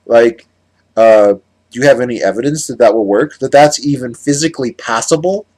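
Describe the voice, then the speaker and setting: A man from the United States giving a heated, sarcastic monologue on his vlog, rambling with many restarts. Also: on the high side. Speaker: political commentator.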